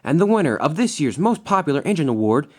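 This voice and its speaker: A man voicing a stern middle-aged railway boss who speaks firmly with businesslike pauses. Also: on the high side, big pitch swings, a little mellow, pitched above the performer's own voice.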